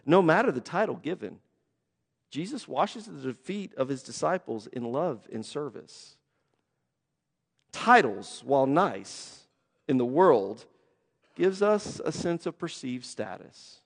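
A man's voice: mid-range voice, very animated, unhurried, gravelly, in a large hall. A man preaching a sermon as pastor, conversational, with voiced asides and quotes.

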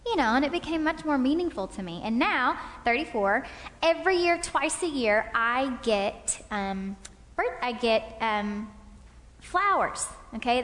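A woman in her thirties speaking to an audience, telling personal anecdotes and checking in with "okay?". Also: on the high side. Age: 30s. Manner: warm anecdotal, frequent "okay?" check-ins. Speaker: speaker at a couples' talk. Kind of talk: storytelling talk to an audience. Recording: long hall reverb.

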